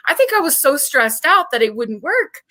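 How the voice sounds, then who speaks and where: A woman in casual chat, telling an animated story with some swearing. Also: sits high, moderate pace, no room sound, rough recording. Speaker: group chat participant.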